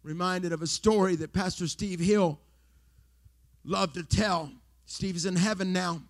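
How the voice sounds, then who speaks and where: A middle-aged male pastor preaching a sermon, dropping to hushed whispers and then rising to loud exclamations. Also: sits high, steady tone, a little slow.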